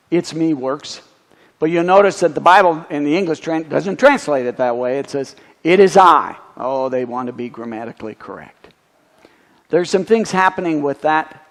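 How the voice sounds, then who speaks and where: A man, a pastor, giving a teaching sermon that explains Greek words, with wry little asides. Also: fairly high pitch. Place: church sanctuary. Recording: long church reverb.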